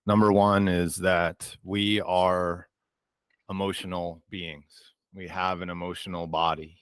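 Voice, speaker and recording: Low voiced guy hosting a video call, slow gentle affirming talk, dry sound. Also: flat delivery, clean tone, no echo. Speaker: host of group call. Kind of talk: warm reflective group facilitation.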